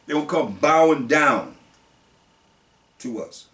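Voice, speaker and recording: A male preacher, who reads scripture slowly and then explains it in blunt everyday speech. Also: mid-range voice, expressive, fairly bright tone. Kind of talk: sermon. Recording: roomy, distant mic.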